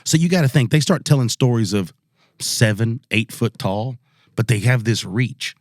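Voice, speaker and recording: A man's voice: medium pitch, moderate pace, no echo, studio quality. Southern man telling a campfire tale. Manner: relaxed Southern storyteller, acts out quotes. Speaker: podcast co-host. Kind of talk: casual storytelling.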